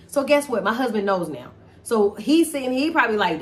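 Middle-aged woman, emphatic and animated, casual heartfelt talk, faint room noise. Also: a little high, brisk. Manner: animated, emphatic, repeats herself for stress. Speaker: host talking about a family conflict. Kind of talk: emotional casual chat.

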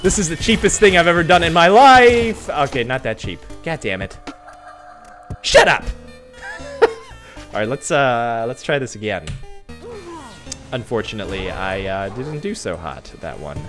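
Excitable male gamer host, wildly swooping voice, music bed under him. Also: mid-range voice, normal speed. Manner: excitable, swings from mutters to yelps and laughs. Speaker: gaming channel host. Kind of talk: let's play commentary. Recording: game music behind. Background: game music.

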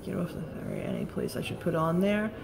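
A woman's voice: on the low side, wildly swooping pitch, brisk, vocal fry, darkish tone, a little hiss or hum. Chatty New woman, late thirties. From Staten Island, New York. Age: late 30s. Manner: rambling, chatty, swears casually. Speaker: beauty product reviewer. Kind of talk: casual live-stream chat.

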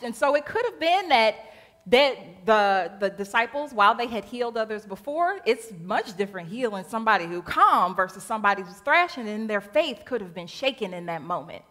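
Woman minister, high bright voice, colloquial rhythmic preaching that echoes through the sanctuary. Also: moderate pace. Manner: animated preaching, colloquial retelling, rhythmic repetition. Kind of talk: sermon. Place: church sanctuary. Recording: long church reverb.

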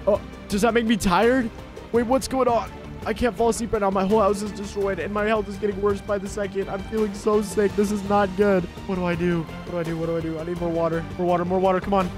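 A high-pitched man voicing excitable let's play commentary. He narrates each of his moves in the first person and keeps breaking into exclamations. His delivery is quick to react and animated. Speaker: gaming video creator.

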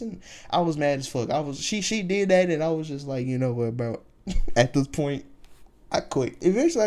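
A man's voice: a little high, a little mellow. A young man telling a casual storytime, swearing freely and rambling with lots of fillers. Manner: profane, rambling with many fillers.

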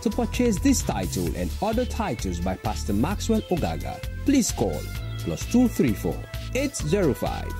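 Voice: medium pitch, wildly swooping pitch. An announcer reading a scripted broadcast message with contact details. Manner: slow, read-out contact details. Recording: loud music bed behind.

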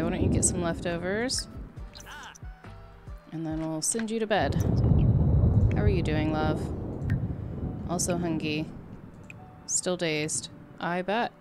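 A woman giving casual, chatty commentary over her life-sim game, talking to her characters and laughing often. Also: fairly low pitch. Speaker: gameplay streamer.

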